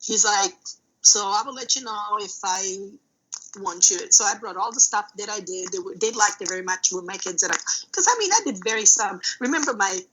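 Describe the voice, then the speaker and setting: A woman, a middle school art teacher, telling energetic stories in a casual podcast interview. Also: medium pitch, fairly quick, slight background noise, low-quality recording. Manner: energetic and loud, animated retelling. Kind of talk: casual conversational storytelling.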